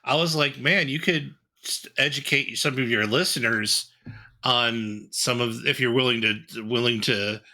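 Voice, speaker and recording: A man in casual podcast chat, emphatic and opinionated, tripping over restarts. His mid-pitched voice is very bright and sharp. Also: unhurried. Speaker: podcast co-host.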